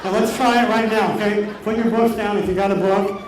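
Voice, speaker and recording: A man in his thirties telling a story to a live audience, animated and energetic, drawing the crowd in. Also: high voice, normal speed. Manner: animated, energetic storyteller who gets the audience shouting along. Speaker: motivational speaker. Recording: echoey room with faint noise.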